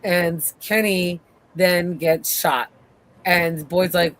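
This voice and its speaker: A podcast co-host in a casual show recap, retelling scenes with lively acted-out quotes. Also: medium pitch, very slow. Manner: animated retelling, acts out quotes.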